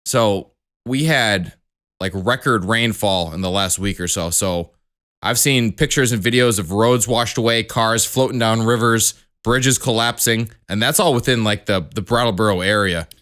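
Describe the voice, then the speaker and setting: A young man with a somewhat low voice, co-hosting a podcast. He tells stories in a laid-back, casual way, dropping swear words as he goes. His pace is unhurried and chatty. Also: a bit bright. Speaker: podcast co-host. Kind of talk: casual chat.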